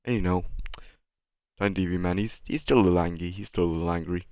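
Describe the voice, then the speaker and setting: Low-voiced young man, rambling and sarcastic. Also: fairly even intonation, fast talker, a little mellow, no room sound. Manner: self-deprecating, rambling, sarcastic. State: a bit sick, coughing. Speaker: channel host. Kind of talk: casual rambling commentary over his animation.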